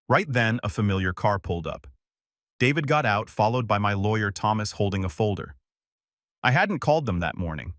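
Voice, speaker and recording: A man giving a steady, measured first-person narration of a scripted story. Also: fairly low pitch, no echo, clean studio sound.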